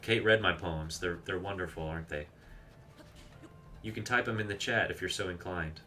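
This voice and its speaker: Male streamer, deep voice, chatty and rambling, casual live gameplay talk. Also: moderate pace, pushed and bright, faint music behind. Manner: chatty, rambling, reads chat aloud and explains game tricks.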